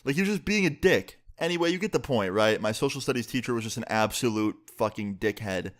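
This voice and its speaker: A young man telling a profane storytime about school, with sudden jumps in pitch. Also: expressive, fast. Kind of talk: casual storytime.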